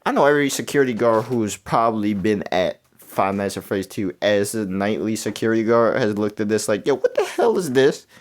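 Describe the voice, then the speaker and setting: A young man talking through a video game quiz in casual, rambling commentary, mumbling and then jumping into excited outbursts. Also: on the low side, a little fast, hardly any pauses. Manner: rambling, self-correcting, swings between mumbling and excited outbursts. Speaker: gaming YouTuber.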